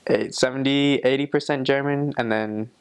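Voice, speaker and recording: A man's voice: mid-range voice, steady tone, moderate pace, smooth. A young man talking casually about his travels, loose and chatty with many fillers and laughs at himself. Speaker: traveler sharing experiences. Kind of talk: casual vlog talk.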